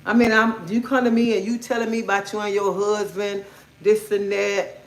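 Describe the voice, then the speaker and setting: This livestream host, a middle-aged woman, delivers a casual rant at normal speed with a flat, mid-range voice. She's outspoken and blunt, swearing freely throughout. The echoey recording was made indoors at home.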